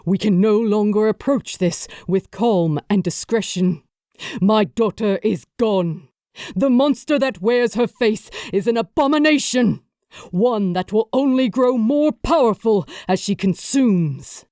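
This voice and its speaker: A woman's voice: medium pitch, a little slow, mellow, no room sound, studio quality, close to an everyday voice. A woman reading an audiobook, voicing a grieving male warrior king giving an urgent, rallying speech to his army. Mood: grave resolve.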